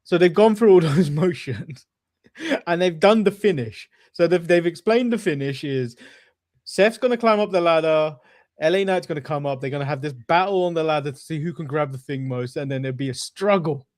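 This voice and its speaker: An English man with a fairly high voice, chatting casually and rambling, stopping often on ums. The sound is dry and close. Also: brisk, a little mellow, dry recording. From England. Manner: rambling, hesitant with many ums. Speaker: podcast co-host. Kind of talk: casual podcast chat.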